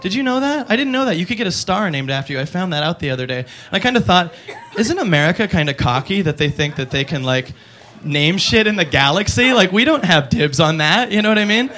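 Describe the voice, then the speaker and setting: Male stand-up comedian, animated rambling, bright tense tone, high voice. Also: fast talker. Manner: rambling, animated, laughing at his own jokes.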